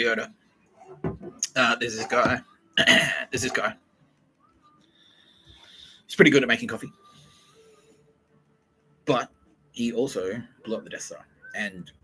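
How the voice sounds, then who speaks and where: A young man hosting a podcast, telling a rambling comic story in a casual way, swearing a lot and acting out quotes in quick asides. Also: mid-range voice, bright, forceful tone, a little hiss or hum, low-quality recording. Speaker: podcast host.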